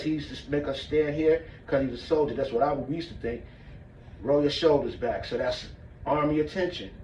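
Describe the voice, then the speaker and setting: A man's voice: medium pitch, a little mellow, slight background noise. A man teaching martial arts breathing, casual and checking in with his listeners as he demonstrates. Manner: casual, demonstrates as he talks, checks in with "all right?". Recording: echoey room, mic far off, muffled.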